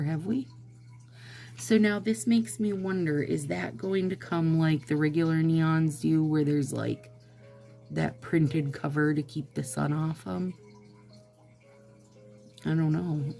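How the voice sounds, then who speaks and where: Low, gravelly, unhurried woman. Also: warm tone. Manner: chatty, exasperated asides, addresses viewers directly. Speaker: nail product vlogger. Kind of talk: casual product review chat.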